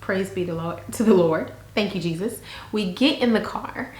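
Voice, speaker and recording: A young woman telling a story to camera in a chatty, frank, animated way. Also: medium pitch, normal speed, reverberant. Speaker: vlogger.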